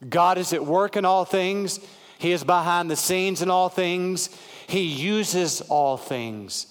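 A man preaching a sermon, slow and emphatic, repeating key phrases. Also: high-pitched, clean tone. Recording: long hall reverb.

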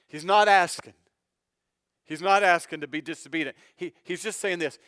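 A male pastor preaching a sermon, speaking earnestly and directly to his listeners, swinging from loud emphatic phrases to hushed low ones. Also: moderate pace, clean tone, no room sound, clean studio sound. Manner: earnest, direct address to the congregation.

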